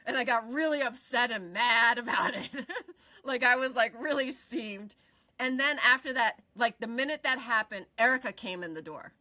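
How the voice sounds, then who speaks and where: A woman in her forties, a podcast co-host, telling a personal story in casual chat, animated, laughing often and swearing freely. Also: a little high, normal speed.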